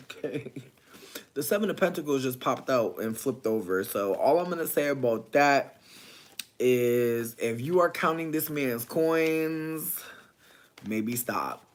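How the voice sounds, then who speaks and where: A man giving a casual livestream tarot reading, talking in loose slang, breaking into loud laughter and dropping to soft asides. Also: mid-range voice, a little hiss or hum. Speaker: tarot reader.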